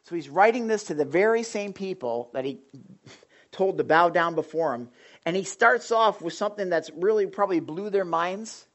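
A woman preaching a sermon in an animated, conversational way, full of emphatic asides to the congregation. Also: fairly low pitch, normal speed.

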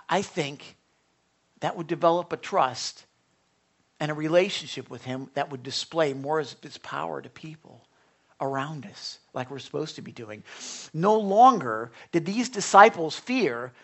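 A man's voice: a little high, expressive, moderate pace, gravelly, a bit bright. A man of Italian background preaching a sermon as pastor, earnest and conversational, with frequent restarts.

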